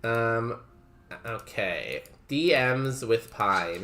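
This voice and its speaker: A man's voice: medium pitch, big pitch swings, slow pace, sharp tone. A young man streaming a game, chatting casually with his viewers, laughing often and saying "like" a lot. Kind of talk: casual chat while playing a game.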